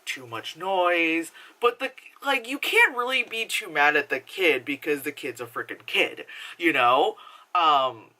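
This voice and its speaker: A movie reviewer, a young woman whose voice sits low, speaks a little slowly in a casual, rambling review. Swearing and filler words come freely, and laughter breaks in as she vividly recounts scenes.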